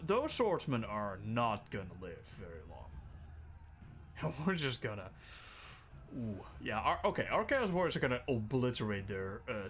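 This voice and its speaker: A man streaming a strategy game, thinking aloud in casual, excitable commentary and swearing freely. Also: medium pitch. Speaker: gaming streamer. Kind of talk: casual let's-play commentary.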